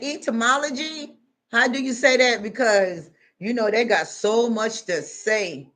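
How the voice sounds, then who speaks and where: Bright, high-voiced woman preaching casually. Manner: folksy, animated, fond of saying honey and y'all. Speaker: livestream host. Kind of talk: preachy casual livestream talk.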